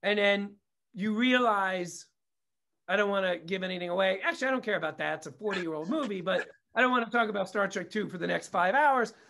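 This middle-aged comedy producer and director has a high, gravelly voice with a bright, forceful edge, and he talks fairly quickly. As an interview show guest, he tells family stories in a relaxed, frank manner, cursing often and going off on tangents.

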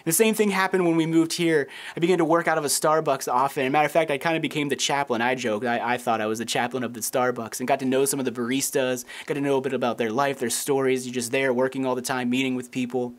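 This thirties-aged pastor delivers his sermon fast, in a mid-range voice with fairly even intonation and hardly any pauses. Storytelling drives it, and he performs the quoted voices of his characters.

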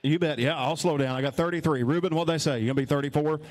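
Guy auctioneering, super fast rolling chant, kinda high voice. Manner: rhythmic rolling bid calls, repeats numbers. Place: indoor horse sale arena.

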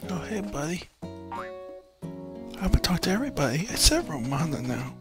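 A man's voice: on the high side, sing-song, normal speed, pauses often, music in the background. A man giving rambling, jokey commentary over a farming game, often dropping to a whisper. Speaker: gameplay commentator. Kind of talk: casual let's play commentary.

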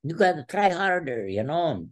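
A man voicing a playful older male wrestling coach who teases in high, pushed-up broken English. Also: very animated, moderate pace. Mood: coaxing.

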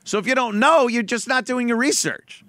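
A man's voice: very high-pitched, moderate pace, bright, forceful tone. A man hosting a podcast, mocking played clips with sarcastic, profane commentary and put-on impressions. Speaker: podcast host.

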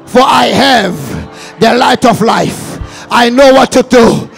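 Shouting gravelly preacher over music. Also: male voice, very high voice, animated, takes it slowly. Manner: chanting repeated declarations, leading congregation. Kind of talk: shouted prayer declarations and sermon.

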